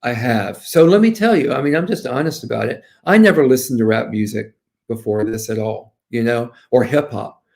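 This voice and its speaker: A man in his sixties from the Southern United States, a defense lawyer talking as a guest in a casual interview, animated and quoting others as he tells stories. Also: medium pitch, moderate pace, vocal fry. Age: 60s.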